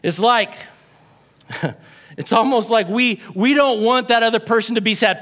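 A middle-aged man preaching a sermon as a pastor, animated and joking, acting out quoted voices. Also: very high-pitched, measured pace.

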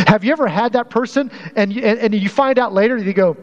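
A man's voice: sits high, quick pace, hardly any pauses, big-room sound, highs cut off. A man preaching a sermon as pastor in a conversational way, often restarting and repeating phrases to drive a point home.

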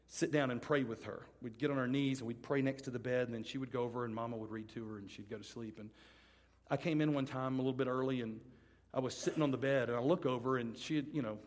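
A middle-aged man preaching a sermon to students before a live audience. He tells a personal story with animated comic swings, then turns hushed and earnest. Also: medium pitch, fast talker. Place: large hall with a live audience. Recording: long hall reverb from a live venue.

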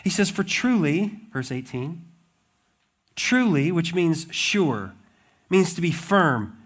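High-voiced animated male pastor. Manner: animated storytelling, acts out voices of the disciples. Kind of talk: sermon.

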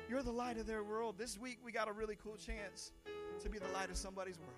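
Male pastor, high-pitched, energetic sermon delivery with faint music bed. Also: creaky. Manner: rising into fervent sing-song prayer, then energetic teaching. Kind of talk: sermon with altar-call prayer.

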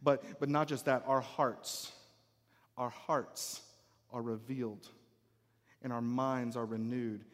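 A man preaching a sermon, emphatic and repetitive, often dropping to a near-hush to drive points home. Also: medium pitch, fairly even intonation, slow, pauses often. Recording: long hall reverb.

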